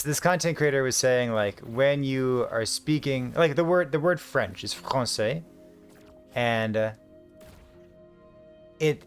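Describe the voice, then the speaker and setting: Rambling casual male streamer. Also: mid-range voice. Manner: rambling, filler-heavy storytelling. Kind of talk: casual gaming stream chat.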